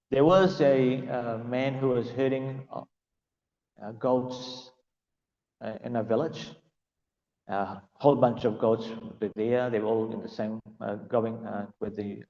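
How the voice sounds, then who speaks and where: Man storytelling in a devotional class, halting with fillers, muffled lo-fi sound, echoing hall. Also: medium pitch, darkish tone. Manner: hesitant, many fillers. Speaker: class speaker.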